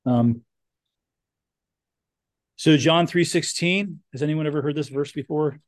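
A man's voice: on the high side, a little slow, pauses often. A man teaching a Bible class, thinking aloud with frequent restarts and putting questions to his students.

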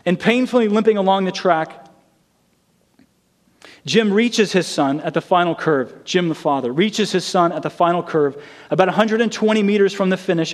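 Male preacher, earnest sermon storyteller, a touch high-pitched. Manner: earnest storytelling, acting out quoted lines.

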